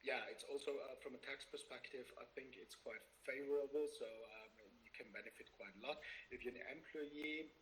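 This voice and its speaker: A man explaining as an expert guest in a webinar, speaking haltingly with frequent filler sounds and restarts. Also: mid-range voice, fairly even intonation, fairly bright tone, a little hiss or hum, low-quality recording.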